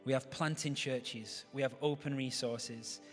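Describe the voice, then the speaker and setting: Pastor, male, mid-pitched, conversational sermon with jokes, faint music behind. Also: fairly even intonation, unhurried. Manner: chatty, joking asides to the congregation.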